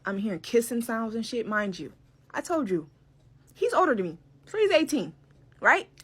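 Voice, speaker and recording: Casting: young woman, lively profane storyteller, voice on the high side. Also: moderate pace, breathy edge. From Detroit. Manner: animated, profane, quoting others in raised voices. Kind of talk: casual storytelling.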